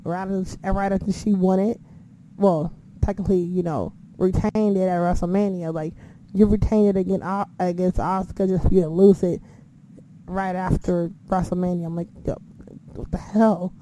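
A woman with a mellow, warm tone talks through a casual recap. She swears often and acts out her own reactions as she goes. A faint noise sits under her voice. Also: fairly low pitch, level tone, moderate pace, low-quality recording. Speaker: wrestling recap host.

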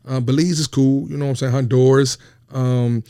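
A man's voice: medium pitch, steady tone, normal speed, dark tone, clean tone. A man hosting a podcast in casual chat, rambling and streetwise, who keeps asking "you know what I'm saying". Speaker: podcast host.

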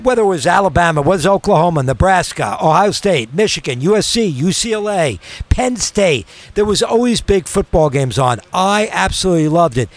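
A man's voice: high voice, expressive, brisk, few pauses. Opinionated New sports radio guy. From New York. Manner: opinionated, emphatic, argumentative. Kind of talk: casual sports talk.

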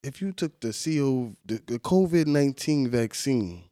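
A young American man co-hosting a casual chat, blunt and animated, with a lot of profane banter. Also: mid-range voice, normal speed, no room sound, studio quality. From United States.

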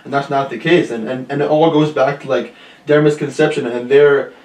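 A man's voice: medium pitch, fairly even intonation, darkish tone, roomy sound, far from the mic, poor audio. A young man in his twenties, a podcast guest, talking earnestly and filling gaps with "you know". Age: 20s. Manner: quick, earnest, many "you know" fillers. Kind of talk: casual podcast chat.

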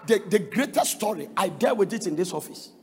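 A man preaching a sermon, telling counseling stories with shouted bursts and sing-song phrases. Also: high-pitched, lively intonation, brisk, slightly rough, in a large hall, faint music behind.

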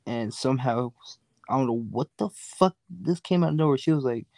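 Animated young man telling loud stories. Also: medium pitch, moderate pace, vocal fry, no room sound. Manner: animated storyteller, acts out voices, laughs often, swears freely. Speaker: podcast guest. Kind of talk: casual chat. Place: in a car.

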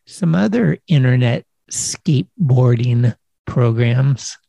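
A man's voice: medium pitch, expressive, slow, gravelly, warm tone, no echo. A man hosting a podcast in a laid-back, casual way, full of skater slang and swearing. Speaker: podcast host. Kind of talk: casual chat.

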